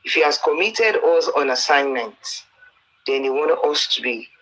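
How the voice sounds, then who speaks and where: A man's voice: a little high, lively intonation, moderate pace, fairly bright tone, poor audio. A man with a Nigerian Yoruba accent earnestly exhorting and pleading, quoting the Bible and telling stories. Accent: Nigerian, Yoruba-speaking. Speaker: preacher addressing a campaigner. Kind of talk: exhortation mixing English and Yoruba.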